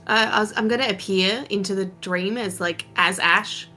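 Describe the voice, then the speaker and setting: Bright-voiced woman player. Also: mid-range voice, moderate pace, soft background music. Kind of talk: playing a tabletop game.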